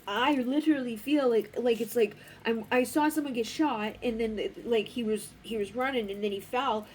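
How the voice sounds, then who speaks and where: A woman's voice: fairly high pitch, moderate pace, a little hiss or hum. A woman giving a casual oracle card reading, talking in a blunt, rambling way and swearing freely. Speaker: spiritual card reader.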